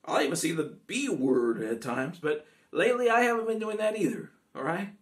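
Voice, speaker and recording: A man's voice: a little high, sing-song, normal speed. A man, a singer-songwriter, chatting casually and ramblingly to his audience between songs. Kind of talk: casual chat between songs at a home concert.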